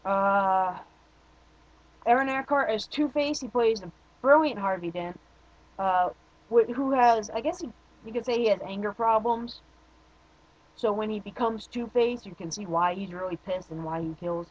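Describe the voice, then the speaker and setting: A man's voice: high-pitched, moderate pace, muffled recording. A young man giving a casual, opinionated spoken movie review, rambling with frequent restarts and fillers.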